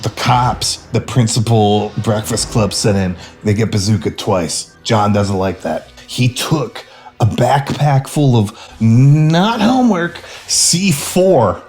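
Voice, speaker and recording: Man, drunk storyteller, laughing, rambling, middle pitch, soft music behind. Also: animated, slow pace. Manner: laughing, rambling, slurring asides. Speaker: narrator. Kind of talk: tipsy comic retelling of a film.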